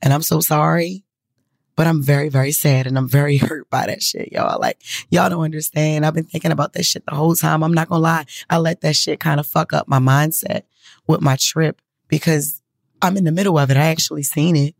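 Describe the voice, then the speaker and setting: A woman from the United States hosts a podcast in a casual, emotional monologue, speaking bluntly and earnestly with lots of swearing. Her voice is low, gravelly, and steady, a little fast, in a dry, studio-quality recording.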